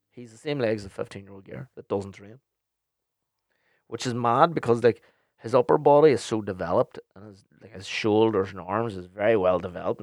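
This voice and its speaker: A man's voice: lowish voice, dry recording, clean studio sound. A young man, hosting a podcast and answering listener questions in a blunt, sweary, rambling way. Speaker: podcast host and DJ.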